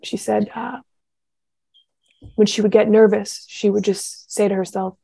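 A woman's voice: mid-range voice, level tone, unhurried, vocal fry, warm tone, slightly rough, no room sound. A young adult woman giving a casual spiritual talk, heartfelt and rambling, with many fillers and restarts.

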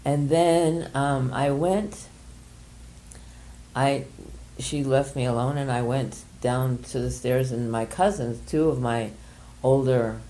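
Soft-spoken older woman with a low voice. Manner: gentle, hesitant, many pauses and fillers. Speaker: workshop leader. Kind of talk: guiding a group exercise and sharing a personal story.

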